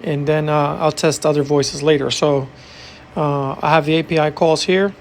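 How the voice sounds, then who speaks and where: A man's voice: fairly high pitch, moderate pace, vocal fry, a little hiss or hum. Man talking through a tech demo. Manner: relaxed, hesitant with many fillers. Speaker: tech tutorial host. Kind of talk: casual screen walkthrough.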